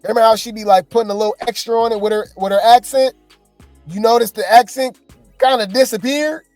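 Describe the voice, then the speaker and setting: A man doing reality TV gossip commentary, animated and exasperated, talking straight to his viewers. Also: very high-pitched, fairly quick, no echo, faint music behind.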